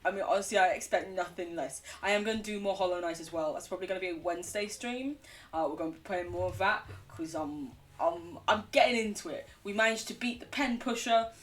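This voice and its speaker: A woman's voice: lowish voice, a little fast, far from the mic. A woman game streamer chatting casually and rambling as she plays, laughing often. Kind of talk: casual gaming chat.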